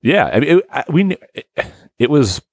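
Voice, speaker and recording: A man's voice: on the high side, sing-song, moderate pace, no room sound. A man hosting a podcast in casual chat, laughing often and swearing casually. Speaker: podcast host.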